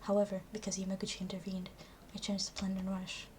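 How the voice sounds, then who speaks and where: A man voicing a remorseful young student killer in a hushed, whispered role-play confession. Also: sits high, monotone, quick pace, a little hiss or hum, close to an everyday voice.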